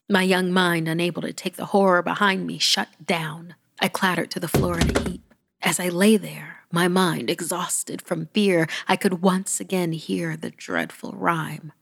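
A woman's voice: fairly low pitch, vocal fry, a bit bright. A woman narrating a first-person horror story, often dropping to a whisper with dramatic pacing.

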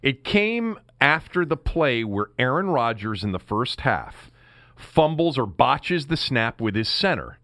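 A man hosting a sports talk show, telling stories in an animated way. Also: medium pitch, measured pace, dry recording, studio quality. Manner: animated storyteller. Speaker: sports radio host. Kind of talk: sports talk radio banter.

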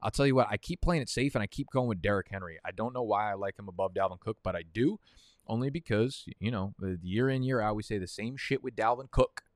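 A man's voice: fairly low pitch, fast, no echo, clean studio sound. A young man casually chatting and rambling, profane and prone to tangents, while hosting a fantasy football draft stream. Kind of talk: casual livestream chat.

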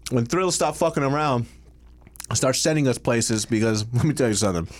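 A man co-hosting a food vlog, chatting casually and joking at his own expense. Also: mid-range voice. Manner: joking, self-mocking, quick to laugh. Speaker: vlog co-host. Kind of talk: casual chat while eating.

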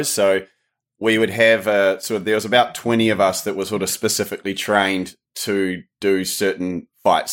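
A man with a New Zealand accent talks as a podcast guest in an easygoing, rambling way. His voice sits a bit low, and he hedges his points with filler words as he goes. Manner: easygoing, hedging with lots of "sort of". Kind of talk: casual interview chat.

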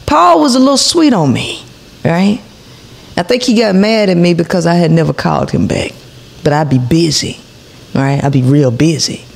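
Speaking in a mid-range voice with vocal fry, a woman in her 40s who hosts a podcast relates an angry story to her viewers. It's profane and packed with asides addressed to the audience.

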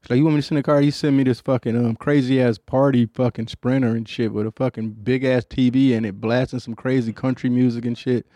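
A man's voice: mid-range voice, level tone, a little fast, hardly any pauses, dark tone, no echo. A middle-aged man hosting a podcast, telling stories in a rambling, profane, laid-back way with a Detroit accent. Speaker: podcast host. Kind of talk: casual storytelling chat.

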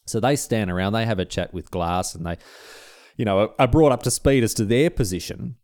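A man's voice: on the low side, a little fast, no room sound, clean studio sound. A man with an Australian accent telling a history story in a casual, conversational way. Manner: animated, conversational, with restarts. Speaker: history podcast host.

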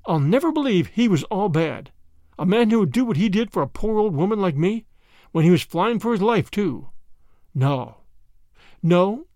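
A woman's voice: mid-range voice, sing-song, moderate pace, dark tone, no room sound, studio quality. A man voicing a kindly, stubborn old grandmother who talks in a fussy, earnest way.

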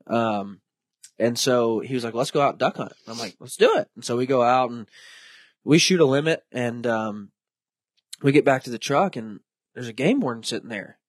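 A man's voice: medium pitch, no echo, studio quality. A young man hosting a podcast, telling stories casually and acting out the people he quotes. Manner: animated storyteller, acts out quoted voices. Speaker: podcast host. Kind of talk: casual storytelling chat.

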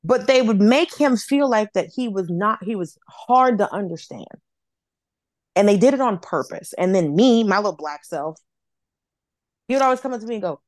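Comedian woman from Atlanta, mid-pitched, swears freely, dry close mic. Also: a little fast, no room sound. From Atlanta, United States. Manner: animated, profane, acts out voices of others. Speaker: comedian guest. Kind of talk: casual storytelling.

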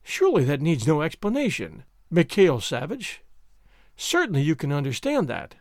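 A man's voice: a little high, huge pitch swings, moderate pace, dry recording, clean studio sound. A man voicing a fussy, anxious middle-aged schoolmaster who talks in a prim, mournful way. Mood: fretful lecturing.

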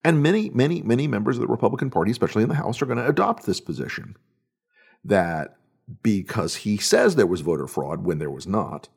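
Low, husky man delivering political commentary. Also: lively intonation, a little fast, a little mellow. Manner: emphatic, repetitive, sardonic. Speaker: host.

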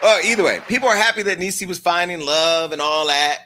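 Brief: male comedic gossip host, sassy and theatrical, bright edgy tone. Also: sits high, a little fast, a faint crowd, slight background noise. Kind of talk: comedic celebrity gossip commentary. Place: home studio with lights.

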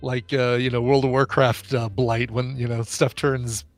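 A man's voice: medium pitch, flat delivery, normal speed, dry recording. A man co-hosting a casual comedy podcast, trading dry, wry banter. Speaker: podcast co-host.

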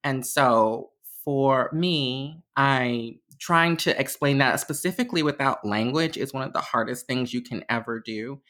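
A woman's voice: a little slow, few pauses, a bit bright. A young adult woman, a podcast guest and diversity educator, telling stories casually and animatedly, laughing often between phrases. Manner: acts out quotes in a much higher voice. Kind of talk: casual conversational storytelling.

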